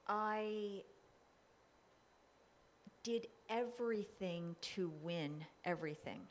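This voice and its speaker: A woman's voice: mid-range voice, very slow, slight background noise. A woman hypnotherapist being interviewed, talking emphatically and firmly about her work. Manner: emphatic, forceful, acts out her own demands. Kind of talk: casual interview talk.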